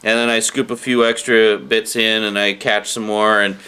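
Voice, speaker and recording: Animated man telling comic work stories. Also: fairly low pitch, normal speed, smooth. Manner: animated, acts out the people in his stories. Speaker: channel host. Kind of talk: comic storytelling about customer service.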